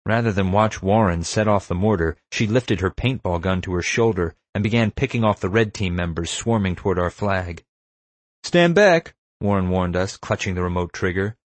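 An audiobook narrator reads a first-person adventure story steadily and deliberately, his low voice resonating deep in his chest. The recording is close and dry, with no room sound whatsoever.

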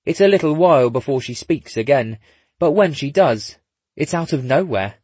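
A man narrating a story in a husky voice, dropping in dry, wry asides. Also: a little high, lively intonation, moderate pace, darkish tone, dry recording. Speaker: audiobook narrator. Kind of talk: scripted narration.

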